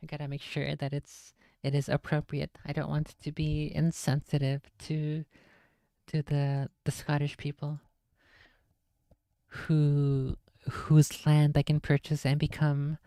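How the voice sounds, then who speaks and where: A woman's voice: low voice, completely flat delivery, a little slow, mellow, no echo, clean studio sound. A woman streamer reading a book aloud on a casual stream, with playful, self-mocking asides.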